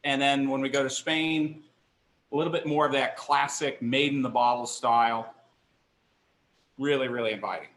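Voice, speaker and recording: Bright-voiced man teaching a wine tasting. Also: medium pitch, steady tone, moderate pace, long pauses, echoey room. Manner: chatty, enthusiastic, self-deprecating. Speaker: wine instructor. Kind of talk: live online wine tasting class. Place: kitchen counter, indoors.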